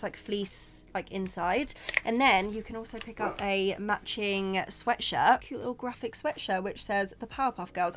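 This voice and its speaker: A young woman with a British accent talks through a clothing and home haul in loose, chatty vlog style. Her speech is full of "like" fillers and blunt, candid asides, now and then a swear word. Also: medium pitch. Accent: British English. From Britain. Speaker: vlogger. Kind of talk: casual shopping haul chat.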